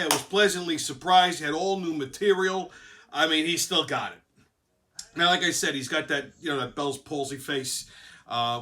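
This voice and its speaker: A man's voice: a little high, pushed and bright. A man from Brooklyn with a Brooklyn accent, hosting a casual, profane monologue in a blunt, crude way. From Brooklyn, New York. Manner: blunt, crude, heavy swearing. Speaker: show host.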